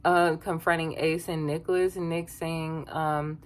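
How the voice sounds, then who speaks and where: A woman giving a casual, sassy recap of a reality show, chatty and quick to laugh. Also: low voice, little pitch movement. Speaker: reality TV reviewer.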